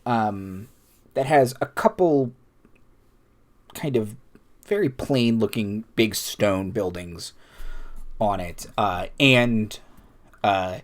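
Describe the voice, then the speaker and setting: A fairly low-voiced man narrates a tabletop game as its game master. He speaks haltingly, with lots of fillers and restarts.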